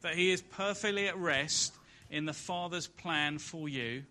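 Male preacher, church sermon; bright, slightly high voice, dramatic swings between loud and hushed. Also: a little slow. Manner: swells to loud emphatic peaks, then drops soft and low. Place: church service.

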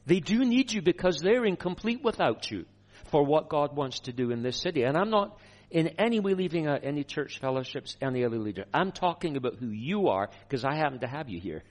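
A man preaching a sermon, telling a personal story in a lively way with chuckles. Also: on the high side.

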